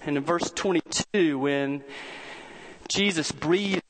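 A man preaching a sermon as a pastor, telling stories earnestly and slowing down to stress key words. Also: fairly high pitch, poor audio. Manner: earnest storytelling with slowed emphasis.

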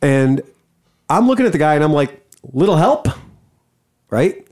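A man hosting a podcast, telling a long story in casual chat, profane and animated. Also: a little high, normal speed. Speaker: podcast host.

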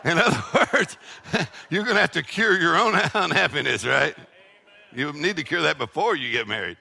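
A man, preaching a sermon with call-and-response, shouted peaks and laughing asides. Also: on the high side, lively intonation, moderate pace, vocal fry. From Texas. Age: 60s. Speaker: pastor.

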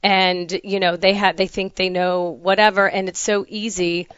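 A woman hosting a casual conversation, telling a story with lively quoted dialogue. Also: mid-range voice, moderate pace, clean tone, no room sound, highs cut off.

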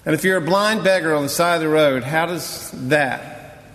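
Guy preaching a sermon, kinda high voice, goes quiet then loud, big echoey church hall. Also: moderate pace. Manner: dramatic preaching, swings from hushed to loud. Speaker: pastor.

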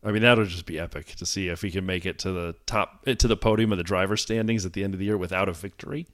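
A man co-hosting a casual podcast with a fairly low voice. He drops deadpan jokes between his points. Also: fast talker. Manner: jokey, deadpan asides. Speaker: podcast co-host. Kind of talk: casual chat.

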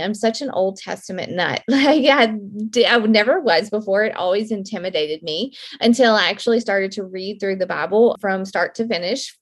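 A woman in her thirties hosting a devotional podcast, speaking earnestly with a slightly shaky, emotional voice. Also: medium pitch. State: voice a little shaky, near tears. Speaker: podcast host.

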